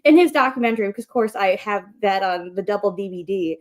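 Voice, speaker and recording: A woman's voice: medium pitch, fast talker. A woman co-hosting a wrestling talk show, gushing and telling stories with lots of fillers. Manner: gushing, animated storytelling with many fillers. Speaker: podcast co-host. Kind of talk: casual chat.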